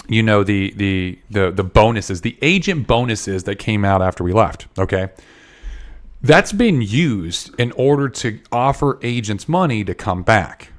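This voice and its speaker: Rambling low-voiced man telling a story. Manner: rambling, many restarts and repeated words. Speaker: podcast guest. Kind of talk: casual storytelling interview.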